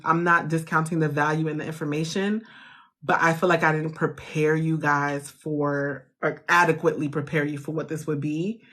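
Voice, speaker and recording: A woman's voice: deep voice, a bit bright. A woman hosts a live funding chat. She speaks casually and reassuringly, laughing easily and often restarting her sentences mid-thought. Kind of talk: casual live-stream talk to viewers.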